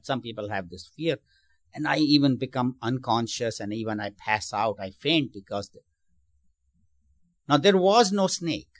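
Man, sermon-style spiritual teacher, mid pitch, dry close sound, patient explainer who asks the room questions. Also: no room sound. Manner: repeats and restarts phrases.

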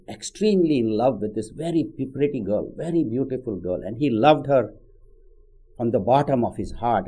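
A man's voice: medium pitch, warm tone, low-quality recording. A man giving a conversational spiritual talk, telling a story with frequent "you know" asides. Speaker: spiritual teacher. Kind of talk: sermon with storytelling.

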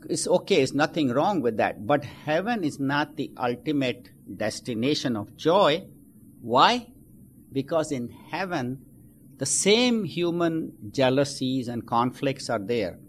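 A man's voice: mid-range voice, slight background noise. A man giving a spiritual talk, telling humorous stories to make his point. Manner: joking storyteller. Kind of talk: sermon with anecdotes.

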